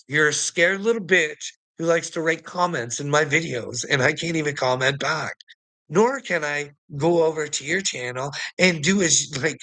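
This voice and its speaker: A man's voice: on the high side, normal speed, pushed and bright, no echo, rough recording. A man in an angry, profane commentary rant, firing off rhetorical questions and mocking taunts. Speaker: vlogger.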